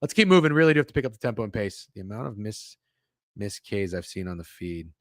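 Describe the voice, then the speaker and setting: Excitable, profane young man, very lively pitch. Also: fast talker, no echo, clean studio sound. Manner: excitable, profane, rambling with frequent restarts. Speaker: sports betting show host. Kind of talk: casual livestream betting talk.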